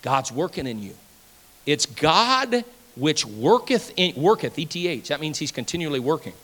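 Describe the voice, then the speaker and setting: A man preaching a sermon as pastor, emphatic and repetitive, swinging between loud declarations and hushed asides. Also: a little high, big pitch swings, moderate pace. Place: church sanctuary. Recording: long church-hall reverb.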